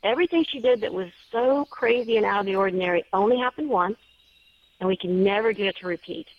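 A woman's voice: medium pitch, quick pace, no room sound. A woman author telling a story as an interview guest, chatty and earnest. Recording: dull dry lo-fi sound.

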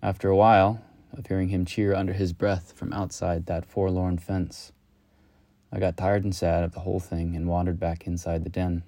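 A man reading a reflective personal story in a slow, measured, lyrical way. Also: low-pitched, flat delivery, mellow, dry recording. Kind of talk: reflective spoken-word storytelling.

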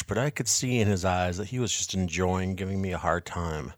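Low-voiced man narrating a story. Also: steady tone, no room sound, clean studio sound. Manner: measured, quiet, reflective. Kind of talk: scripted first-person story narration.

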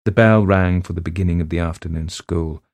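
Deep, dark-voiced man reading a story. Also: steady tone, no room sound. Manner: measured, dramatic pauses. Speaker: reader. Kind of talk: storybook narration.

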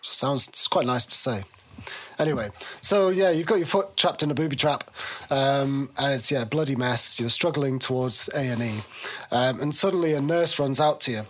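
A man's voice: medium pitch, fairly bright tone. A man narrating a comedy tabletop game as game master, playful and teasing. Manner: playful, teasing, halting with fillers. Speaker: game master and podcast host.

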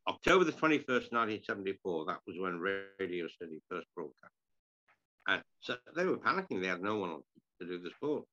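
A man's voice: sits low, sing-song, brisk, pushed and bright, muffled recording. An older man, telling stories from his broadcasting career in a rambling, self-deprecating way. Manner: rambling, self-deprecating, frequent restarts and throat-clearing. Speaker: interview guest, retired sports broadcaster. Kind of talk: conversational storytelling.

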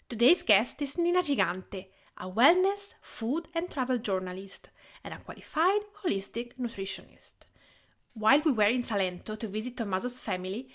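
A woman's voice: on the high side, a bit bright. A woman from Tuscany with an Italian accent, hosting a food podcast and interviewing a guest. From Tuscany, Italy. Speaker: podcast host. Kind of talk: scripted podcast intro and casual interview.

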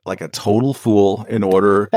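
A man co-hosts a podcast in a low, laid-back voice with a dry, self-deprecating manner. He sounds close to the mic in a dead, dry room. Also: fairly even intonation, moderate pace, darkish tone, no echo. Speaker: podcast co-host. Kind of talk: casual chat.

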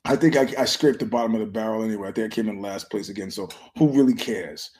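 Talking fast in a fairly low, slightly mellow voice, a man rambles on his own podcast, telling profane, meandering stories. He restarts often and keeps his voice down because of a filming nearby.

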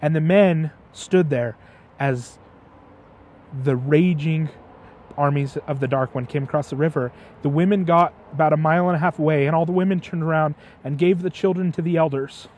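A man's voice: on the high side, normal speed, a little mellow, a little hiss or hum. A man chatting as his father's guest, retelling a story with passion and often stumbling over repeated words. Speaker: guest, host's son. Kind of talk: casual storytelling chat.

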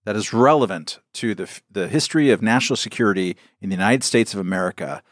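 A man with a lowish voice gives sardonic commentary, often trailing off into quieter mutters. He is recorded dry and close. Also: fast, no room sound. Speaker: podcast co-host. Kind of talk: casual chat.

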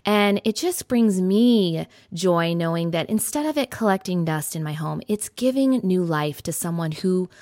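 Woman podcast host, lowish voice, encouraging, reflective, dry close sound. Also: lively intonation, normal speed, hardly any pauses, darkish tone, dry recording. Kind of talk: casual interview chat.

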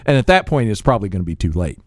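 A man co-hosting a casual podcast, talking in a deadpan, sardonic way and chuckling at his own jokes. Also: on the low side, racing, no room sound, clean studio sound. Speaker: podcast co-host. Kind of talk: casual chat.

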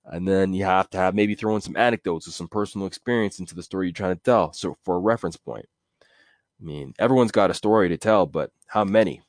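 A man's voice: sits low, quick pace, no room sound, clean studio sound. A man hosting a casual solo podcast, rambling and correcting himself as he talks. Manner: rambling, self-correcting, with chuckles. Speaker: podcast host.

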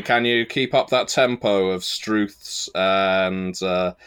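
Deep-voiced Southern English podcast host. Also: male voice, steady tone, takes it slowly, few pauses, fairly bright tone, slight background noise. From England. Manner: chatty, self-deprecating, many filler restarts. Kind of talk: casual podcast chat.

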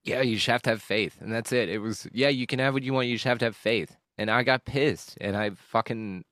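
A man hosting a podcast, talking candidly and emotionally about a hard stretch, rambling and swearing with frequent halting restarts. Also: medium pitch, a bit bright, dry recording, studio quality. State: emotional at times. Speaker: podcast host. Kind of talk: candid personal monologue.

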